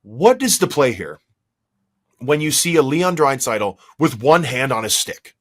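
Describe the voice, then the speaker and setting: A hoarse man co-hosts a hockey podcast and tears into a defensive play, asking question after question in exasperation. His pitch swings widely as he gets worked up. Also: sing-song, a little slow, fairly bright tone. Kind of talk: heated sports analysis chat.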